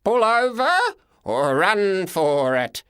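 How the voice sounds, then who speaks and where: A man voicing an excitable older man driving a bus, yelling frantic questions. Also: high voice, slow, clean tone, no room sound, studio quality, full character voice. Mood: urgent.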